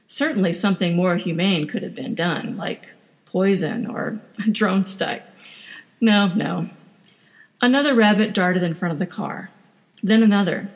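A woman reads a story aloud in a steady, mid-pitched voice. Her narration rings with a long hall reverb.

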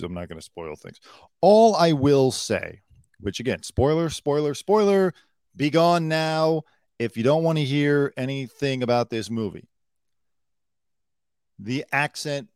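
A man's voice: on the low side, a little mellow, clean tone, no room sound, studio quality. A man hosting a live news commentary show, blunt and opinionated, swearing freely and swinging between emphatic outbursts and muttered asides. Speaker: show host.

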